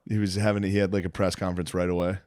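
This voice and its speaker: Brief: low-voiced male comedian, loose podcast banter, giggly, close dry mic. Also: flat delivery, racing, a little mellow, no room sound. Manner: laughs often, breaks into whispered impressions. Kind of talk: casual podcast chat.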